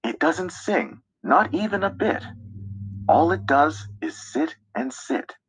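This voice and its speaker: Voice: medium pitch, lively intonation, slow pace, a little hiss or hum. A reader giving a children's picture-book read-aloud in a sing-song way, imitating the bird calls. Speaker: storybook reader.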